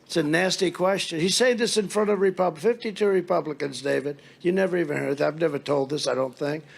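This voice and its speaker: A man's voice: a little high, fast, creaky. A man giving a rally speech as a political speaker, telling rambling, mocking stories and acting out the dialogue.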